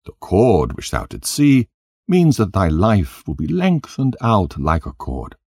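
A man voicing a cunning, greedy dream interpreter who talks smoothly and insists on payment. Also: low voice, wildly swooping pitch, unhurried, a little mellow, dry recording, studio quality, voice pushed up, exaggerated voice. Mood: insistent.

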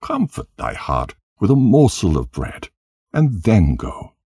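A man voicing a cunning, greedy dream interpreter who talks smoothly and insists on payment. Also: low voice, huge pitch swings, takes it slowly, mellow, no echo, studio quality, voice pushed up, full character voice. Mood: coaxing.

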